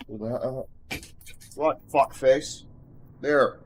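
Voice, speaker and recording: A man's voice: medium pitch, slow pace, a little hiss or hum. A man giving casual, joking commentary while playing a video game, swearing freely. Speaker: let's play gamer.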